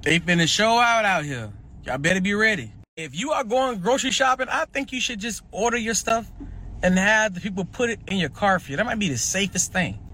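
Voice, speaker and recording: A man giving casual direct-to-camera commentary, animated and preachy, warning his viewers in slang-heavy talk. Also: sits high, a little fast, slight background noise. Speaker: social media commentator.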